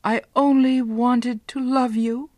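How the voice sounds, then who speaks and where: A woman's voice: slow pace, a little mellow, dry recording. A woman reader voicing a young, innocent woman who pleads in a raised, urgent voice. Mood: desperate. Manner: high, urgent, pleading delivery.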